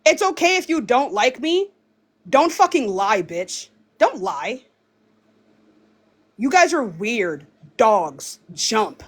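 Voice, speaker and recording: Young woman streamer with a high, animated voice, spitting profane insults in a live rant. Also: slow, pauses often. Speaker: livestreamer.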